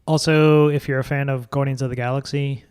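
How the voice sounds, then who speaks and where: A man's voice: mid-range voice, flat delivery, fairly quick, a little mellow, clear, resonant tone. A man co-hosting a podcast, chatting casually about films and swearing freely. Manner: swears freely, offhand film commentary. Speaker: podcast co-host. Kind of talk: casual chat.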